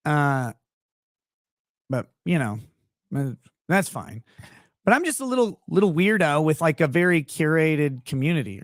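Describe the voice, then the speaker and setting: A man's voice: fairly high pitch, no room sound, studio quality. A man hosting a livestream with casual, sarcastic, rambling commentary, talking to his chat viewers by name. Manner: sarcastic, rambling, mocking impressions. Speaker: livestream host.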